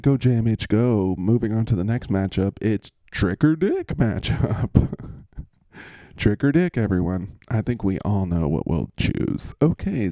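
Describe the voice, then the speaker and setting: A man's voice: on the low side, mellow, no echo. A man hosting a fantasy football show, going through matchups in a playful, jokey, rambling way. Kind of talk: casual matchup commentary.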